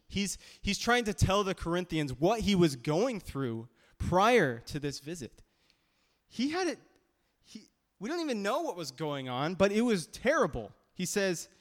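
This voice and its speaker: A man preaching a sermon as pastor, conversational and emphatic, with frequent restarts. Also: on the high side. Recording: long reverb of a hall.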